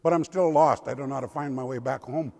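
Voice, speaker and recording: A man's voice: medium pitch, fast talker, vocal fry, a little mellow, pitched below the performer's own voice. An older man voicing Squata the raven, a lost and starving son, speaking in a weary, despairing way. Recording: long cathedral reverb.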